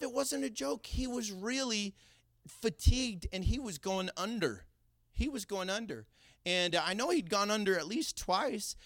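A middle-aged man preaching a sermon, telling a personal story in an animated way with laughing asides. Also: high voice, no room sound, clean studio sound. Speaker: pastor.

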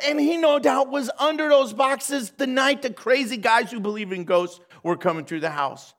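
A man's voice: very high-pitched, moderate pace, vocal fry, few pauses, fairly bright tone. A man preaching as a pastor, telling a story animatedly, acting out the dialogue and laughing along. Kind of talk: storytelling sermon.

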